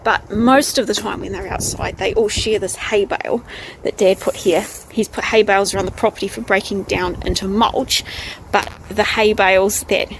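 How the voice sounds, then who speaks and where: Here a young New Zealand vlogger gives an easygoing garden tour on foot, eager and talkative, with gentle side comments. She speaks at a medium pitch and moderate pace, her intonation fairly even, and there's slight background noise in the outdoor setting.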